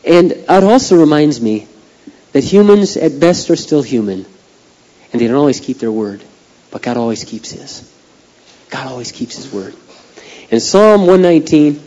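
A middle-aged man preaching a heartfelt sermon, dropping to a hush and then rising to loud pleading. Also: medium pitch. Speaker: pastor. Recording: dull lo-fi sound.

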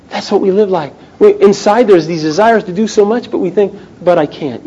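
A man in his thirties preaches with a high, bright-edged voice. He drives hard with urgent emphasis, then drops to a near hush before building again. The tone is earnest and evangelical, aimed straight at his listeners. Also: normal speed, hardly any pauses, slightly rough, lo-fi sound. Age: 30s. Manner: impassioned, swinging between loud urgency and hushed intensity. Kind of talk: sermon.

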